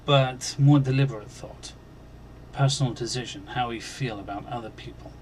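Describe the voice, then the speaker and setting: A man hosting a Christian channel, earnestly recounting a dream as personal testimony, halting and restarting, and growing emphatic on key points. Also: mid-range voice, a little hiss or hum. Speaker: Christian video channel host.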